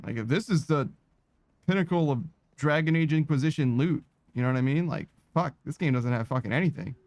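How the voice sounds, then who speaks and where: A man's voice: fairly high pitch, brisk, darkish tone, no room sound. A man giving let's-play commentary in a sardonic, profane, rambling way. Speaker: gaming streamer.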